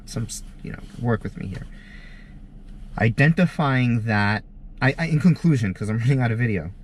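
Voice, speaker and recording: A man with a somewhat low voice speaks to his camera in a personal, confessional vlog. He is earnest and candid, dropping casual swears as he talks. A faint hiss of noise sits under his voice. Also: darkish tone. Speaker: vlogger.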